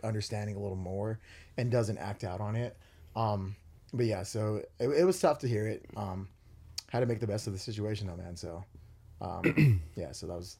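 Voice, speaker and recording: A man's voice: fairly low pitch, dark tone, breathy edge. A young man hosting a podcast, talking earnestly with many fillers and restarts. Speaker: podcast host. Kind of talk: casual chat.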